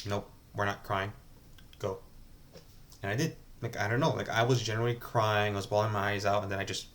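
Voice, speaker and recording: A man's voice: fairly low pitch, a bit bright. A man talking casually to camera at home in a rambling, hesitant confessional, restarting sentences often. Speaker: vlogger.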